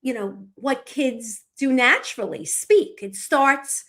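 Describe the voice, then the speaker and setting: This is a woman co-hosting a podcast. She talks in a high register and takes her time. She explains things patiently, one step after another. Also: slow, pushed and bright. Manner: patient, walks through examples step by step. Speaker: podcast co-host explaining reading instruction.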